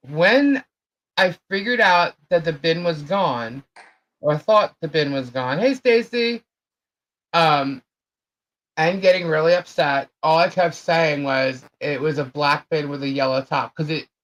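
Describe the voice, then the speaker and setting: A low-voiced woman co-hosts a live chat show, rambling through a long story packed with fillers and repeated phrases. The recording sounds rough.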